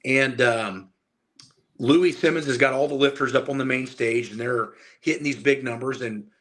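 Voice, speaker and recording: Animated storytelling man from Indiana. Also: medium pitch, moderate pace. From Indiana, USA. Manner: animated storyteller who acts out dialogue and swears casually. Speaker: guest, powerlifter and strength coach. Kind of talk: casual storytelling in an interview.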